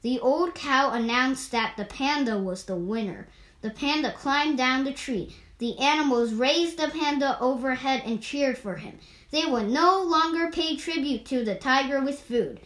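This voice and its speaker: A woman reading an animal fable aloud with steady, measured narration. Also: high voice, reverberant. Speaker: storyteller.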